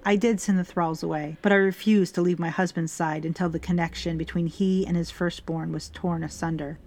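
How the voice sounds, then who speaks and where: A woman narrating a first-person story in a measured, even way. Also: fairly low pitch.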